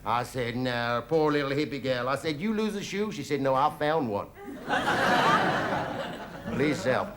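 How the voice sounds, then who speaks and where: A man's voice: medium pitch, expressive, a little slow, pauses often, voice pushed down, lightly acted. A comedian playing a boastful, folksy American traveller with a put-on Southern drawl, whooping "ooh-wee" as he tells tall tales in a 1970s TV stand-up monologue. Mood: cheeky. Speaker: comedian in character. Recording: 1970s TV studio with audience noise.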